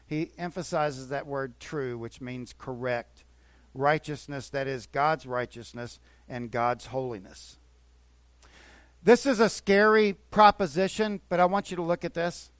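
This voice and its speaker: Man, pastor, sermon, earnest, conversational, repeats himself, fairly high voice, dry sound. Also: a little slow, clean tone, dry recording. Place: church.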